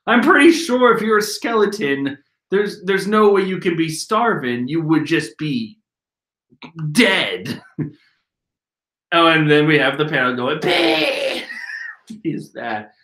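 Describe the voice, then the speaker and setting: A man's voice: on the high side, expressive, measured pace, long pauses, a bit bright. A man casually reading a comic aloud and chatting, with a giggly manner, at home. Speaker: manga reading channel host. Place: room at home. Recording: roomy echo.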